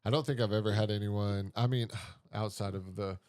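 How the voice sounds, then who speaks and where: A low-pitched man co-hosts a casual podcast, mostly listening and agreeing in a laid-back way. His voice is recorded close and dry, with no room sound. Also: steady tone, normal speed, a little mellow, no room sound. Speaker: podcast co-host. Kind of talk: casual chat.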